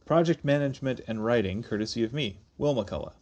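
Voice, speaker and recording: A man co-hosting a podcast in casual chat, joking and animated. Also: mid-range voice, a little fast, muffled recording. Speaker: podcast co-host.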